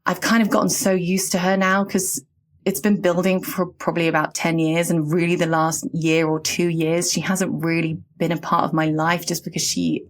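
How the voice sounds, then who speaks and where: A woman from England in her late thirties, talking in an earnest, reflective and halting way on a casual podcast. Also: fairly low pitch, flat delivery. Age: late 30s.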